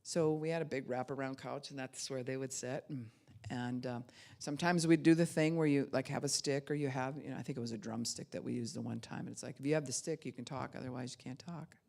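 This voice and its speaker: Animated woman pastor, loud to soft. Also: extremely low pitch, quick pace, gravelly. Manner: animated, swings from loud to soft, acts out quoted voices. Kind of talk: conversational teaching sermon.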